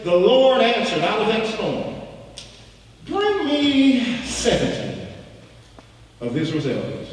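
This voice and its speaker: Pastor guy preaching hard, high lively voice, big echoey church from far off. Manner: impassioned preaching with dramatic swings from soft to shouting; repeats phrases for emphasis. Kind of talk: sermon. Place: church sanctuary. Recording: echoey church hall, distant mic.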